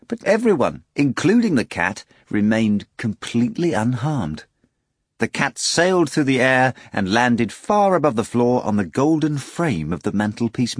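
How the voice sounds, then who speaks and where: A man reading a novel aloud as an audiobook narrator, expressive and ready to switch into character voices. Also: mid-range voice, husky, no echo, clean studio sound. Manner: expressive storytelling with many voices.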